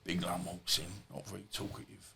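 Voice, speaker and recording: A man's voice: deep voice, little pitch movement, brisk, creaky, bright, forceful tone, a little hiss or hum. A middle-aged man, a former boxer and podcast guest, telling casual stories in a rambling, anecdotal way full of asides. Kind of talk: casual storytelling.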